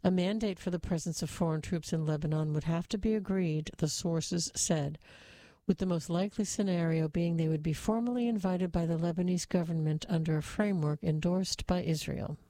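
A woman reading news stories in a steady, even scripted delivery. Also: lowish voice, fairly quick, dry recording. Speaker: news reader.

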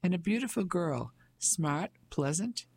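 A man's voice: high-pitched, expressive, a little slow, gravelly, breathy edge, full character voice. A man voicing a pompous fifty-five-year-old businessman in an audiobook, speaking in a blustering, patronizing way. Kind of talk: audiobook character voice.

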